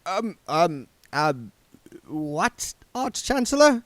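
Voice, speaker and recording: A man's voice: sits high, wildly swooping pitch, slow pace, no echo, pitched above the performer's own voice, exaggerated voice. A man reading aloud and voicing a nervous wizard bursar who stammers and repeats himself in a panic. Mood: jittery. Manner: stuttering, panicky.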